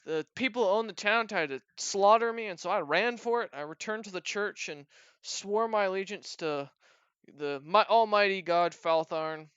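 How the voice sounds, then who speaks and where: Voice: medium pitch, moderate pace, a bit bright, smooth, dry recording, lo-fi sound, pitched above the performer's own voice, natural voice. A game master voicing a boastful, cowardly male goblin mercenary who rambles on about his own exploits. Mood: bragging. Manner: rambling, bragging, nervous pleading.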